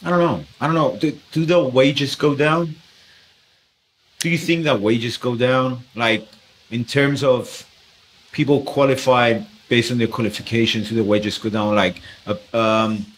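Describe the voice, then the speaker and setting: A man's voice: medium pitch, fairly even intonation, measured pace, a little hiss or hum, low-quality recording. A man hosting a podcast interview, asking questions while searching for words. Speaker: podcast host.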